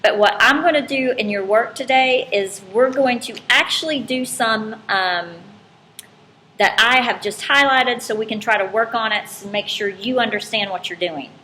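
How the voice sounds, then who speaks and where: Woman math teacher, slightly high voice, informal and self-correcting, roomy recording with faint noise. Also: normal speed, sharp tone. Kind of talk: recorded classroom lesson.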